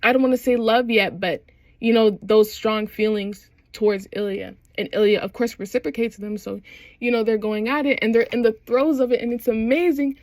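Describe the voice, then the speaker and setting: A woman's voice: fairly high pitch, steady tone, moderate pace, darkish tone, dry recording. A young adult woman in casual chat, recapping a TV show with slangy phrasing and frequent laughs. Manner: chatty, slangy, laughs often while recapping. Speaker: vlogger.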